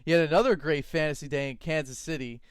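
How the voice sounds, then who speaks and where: A man co-hosting a fantasy football show with animated, opinionated chatter. His voice is smooth and clear and sits slightly high. The sound is dry and close. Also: fast, no room sound. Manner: animated, laughs easily, opinionated. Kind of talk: casual sports chat.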